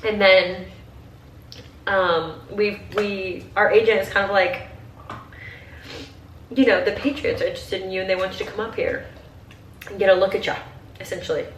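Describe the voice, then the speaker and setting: A young woman from Ohio in her twenties chats casually with her viewers, her talk full of "like" and close to tears. Her voice sits at an ordinary middle pitch. The sound is roomy and a bit distant, with faint room noise behind her. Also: steady tone, moderate pace, pauses often. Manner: chatty, emotional, tearful at times, heavy use of "like". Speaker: vlogger. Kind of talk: casual get-ready-with-me chat. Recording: roomy, slightly distant home audio with faint ambience.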